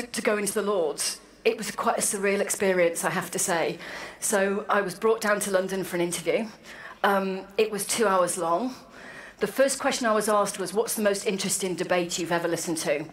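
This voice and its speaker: A woman in her forties giving a wry, self-deprecating anecdotal speech to a meeting. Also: medium pitch. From Wales. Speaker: speaker at an annual meeting. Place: large hall, to an audience. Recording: echoey hall with faint room noise.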